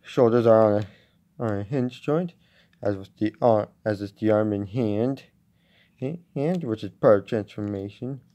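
A man casually reviewing a toy at home, talking in a halting way with many restarts. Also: lowish voice, mellow, dull audio. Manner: halting, with frequent restarts and fillers.

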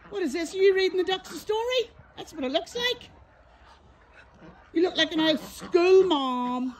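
A woman's voice: high voice, a little mellow. A woman chatting in sing-song baby talk to her poultry outdoors, farm birds audible behind her. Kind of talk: casual vlog, baby talk to animals. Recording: noisy outdoor farm recording. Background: birds clucking and gobbling.

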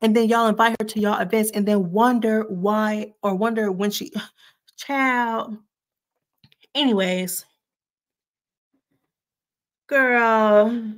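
Give me a blunt, sassy woman in her twenties doing gossip commentary in a higher voice. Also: fairly even intonation, slow pace, pauses often. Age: 20s. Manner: sassy, blunt, slangy asides. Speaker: pop-culture commentary host.

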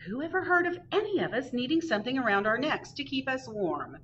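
A woman voicing a fussy mother squirrel who scolds her son in a high, sharp voice. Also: little pitch movement, moderate pace, muffled recording, a little hiss or hum, close to an everyday voice. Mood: scolding. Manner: scolding, shrill.

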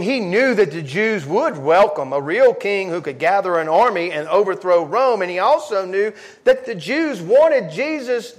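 Man, pastor, sermon, high voice, very animated pitch, dramatic, emphatic. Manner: dramatic, voices quoted speakers with sharp swings in pitch and volume.

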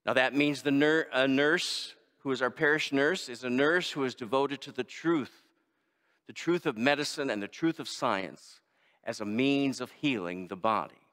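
A man's voice: medium pitch, normal speed. Man preaching in a reverberant church. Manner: lively preaching with quoted voices. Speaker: pastor. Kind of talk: sermon. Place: large church sanctuary.

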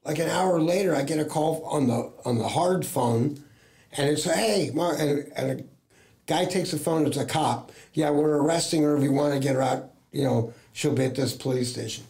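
His voice sits on the high side and sounds mellow, moving at a normal speed. He's a middle-aged talent agent from the United States, an interview guest who rambles through casual anecdotes, acts out what others told him, and scatters fillers throughout.

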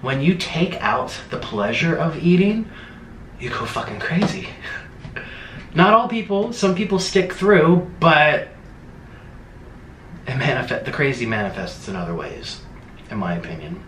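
A man's voice: mid-range voice, lively intonation, unhurried, long pauses, a bit bright, roomy sound, a little hiss or hum. A man hosting a mukbang video, ranting casually and at length to the camera, rambling with emphatic asides and mocking impressions. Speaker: mukbang host. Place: room in Bangkok.

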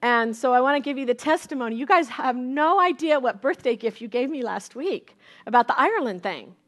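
A middle-aged woman pastor preaching a sermon, telling a family testimony in a lively storytelling way with many repeats and restarts. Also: high-pitched, brisk.

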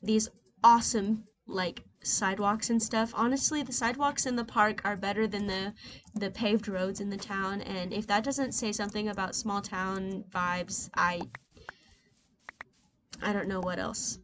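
A woman's voice: medium pitch, measured pace. A woman in her twenties chatting casually while playing a video game, rambling with lots of fillers. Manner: soft and reflective; excited, loud outbursts. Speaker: gaming channel host. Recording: clear keyboard and mouse noise.

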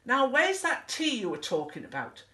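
Woman putting on a young male elephant, storybook, squeaky, high, bright, mischievous. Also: huge pitch swings, moderate pace, roomy sound, recorded from a distance, heavily acted. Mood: cheerful.

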